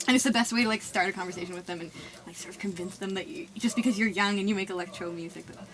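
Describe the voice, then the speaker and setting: A woman's voice: medium pitch, very fast. A young woman with a Canadian accent, a musician chatting loosely in an interview, rambling and saying "like" a lot. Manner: rambling, heavy use of "like". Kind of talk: casual interview chat.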